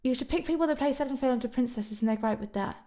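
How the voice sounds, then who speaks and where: An Irish woman chats casually on a live stream, reading viewer comments aloud and responding to them. Her high, mellow voice moves very fast, and she's bubbly, with lots of ums and laughter.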